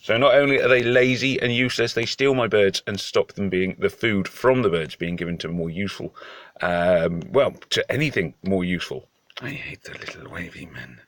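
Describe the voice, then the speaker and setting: British male game commentator, lowish voice, dry self-mocking humour, chatty and meandering. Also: normal speed, fairly bright tone, no room sound. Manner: joking, self-deprecating, rambling with hesitations. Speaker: mobile game video host. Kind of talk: casual gameplay commentary.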